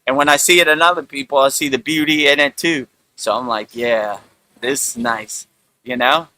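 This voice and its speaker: A middle-aged man hosting a spiritual talk, speaking in a relaxed, rambling way with lots of "you know". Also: on the high side, fast talker, poor audio. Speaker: spiritual teacher and show host.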